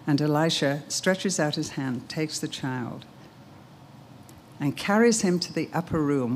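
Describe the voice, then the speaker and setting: A woman's voice: low voice, animated, unhurried, slight background noise. An older woman giving an earnest, emphatic sermon, telling a story and reciting a poem. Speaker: speaker, teacher.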